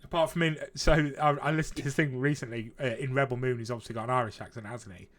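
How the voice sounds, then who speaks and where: A man's voice: mid-range voice, steady tone, fast, a bit bright. A man co-hosting a casual podcast. He talks in a loose, chatty way, swears freely and laughs at his own stories. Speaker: podcast co-host. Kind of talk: casual chat.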